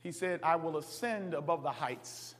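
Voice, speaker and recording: A man preaching a sermon as pastor, swinging from quiet talk to hollering. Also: on the high side, moderate pace. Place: church sanctuary. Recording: long reverb of a large hall.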